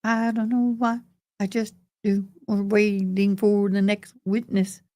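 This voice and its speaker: A woman's voice: mid-range voice, flat delivery, measured pace, dark tone, dry recording, studio quality. Chatty middle-aged woman livestream host. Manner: chatty, calls viewers honey and boo. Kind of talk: casual chat to live viewers.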